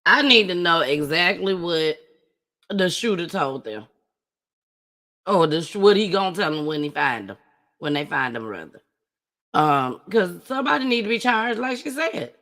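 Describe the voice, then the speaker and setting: A woman's voice: on the low side, sing-song, normal speed, a bit bright. A woman hosting her own show, chatting casually and emphatically as she reacts to news clips. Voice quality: emphatic, repeats phrases for emphasis. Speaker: commentary show host. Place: home studio with green screen.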